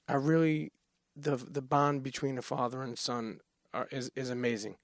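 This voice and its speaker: Host: mid-pitched man, earnest, dry close sound. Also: steady tone, normal speed, no room sound. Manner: earnest, repeats words, reads quotes aloud. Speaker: podcast host. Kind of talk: casual interview chat.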